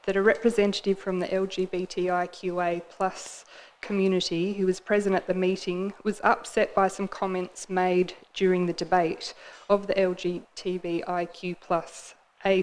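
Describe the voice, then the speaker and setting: Flat-voiced woman councillor. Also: lowish voice, poor audio. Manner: measured, slightly hesitant. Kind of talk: formal question in a council meeting. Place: council chamber.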